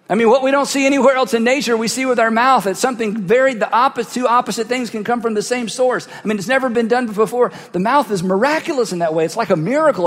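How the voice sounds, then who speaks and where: Wearing a cheek mic, this pastor delivers his sermon with emphatic repetition of key phrases. His voice is very high and fairly bright. Long hall reverb fills the church sanctuary recording.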